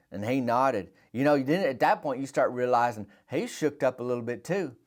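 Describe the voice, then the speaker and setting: A man's voice: mid-range voice, fairly quick, hardly any pauses. A man with a Southern American accent telling a rambling comic story in a dry, folksy way as a podcast host. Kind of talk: deadpan rural comic storytelling.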